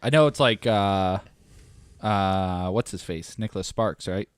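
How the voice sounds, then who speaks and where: A man's voice: low-pitched, a little slow, smooth, no echo, clean studio sound. Joking young man on a podcast. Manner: joking, laughs often. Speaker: podcast co-host. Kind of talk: casual chat.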